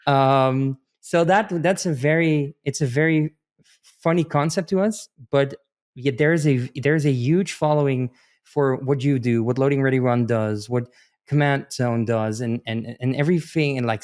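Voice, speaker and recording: A man's voice: medium pitch, moderate pace. A man from the Netherlands, a podcast guest chatting casually and telling rambling stories full of restarts. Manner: animated storyteller, rambling with many restarts.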